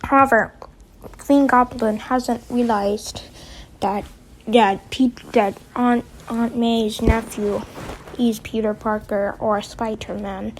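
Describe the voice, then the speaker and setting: A woman casually telling a story in a rambling, halting way with many restarts. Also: a little high, steady tone, slight background noise, rough recording.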